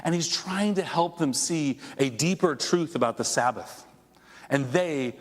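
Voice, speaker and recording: A male pastor preaching a conversational, animated sermon to his congregation, with asides to the people in the room. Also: mid-range voice. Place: church sanctuary before a congregation. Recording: long echo of a church hall.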